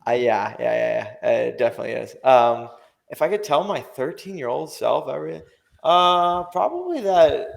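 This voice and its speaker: A man's voice: medium pitch, sing-song, normal speed, gravelly. A young man talking as a podcast guest, rambling and slangy with lots of fillers and casual swearing.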